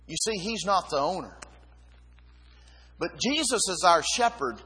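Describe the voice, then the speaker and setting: A man preaching a sermon, reading scripture and repeating key words with emphasis, pausing between short phrases. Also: sits high, big pitch swings, sharp tone, husky. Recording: long hall reverb.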